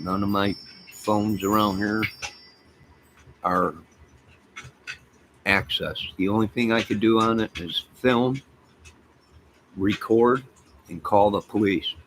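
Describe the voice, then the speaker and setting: A man hosting a casual livestream from home, rambling through stories and talking to his chat and his pets. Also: low-pitched. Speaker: livestream host chatting with viewers. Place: home apartment by a fire. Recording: steady background noise.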